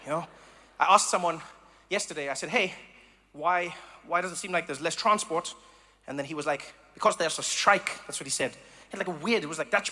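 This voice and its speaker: A man from South Africa doing stand-up comedy, animated and acting out voices and sounds. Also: fairly high pitch. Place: live comedy venue.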